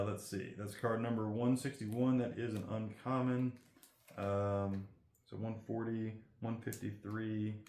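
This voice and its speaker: Man, lowish voice, casual rambling card-opening commentary, reads card text aloud, roomy echo. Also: gravelly, darkish tone. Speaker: card collector host.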